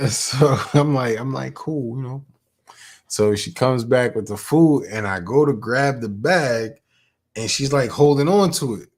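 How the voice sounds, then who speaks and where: A man co-hosting a casual podcast, telling a story in a laid-back, often quiet way. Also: mid-range voice, measured pace. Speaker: podcast co-host.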